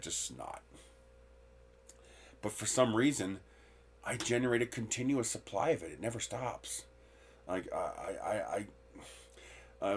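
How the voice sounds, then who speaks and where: A man hosting a live stream, chatting candidly and rambling from topic to topic, with the occasional swear. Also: low-pitched. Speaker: livestream host. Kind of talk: casual live-stream chat.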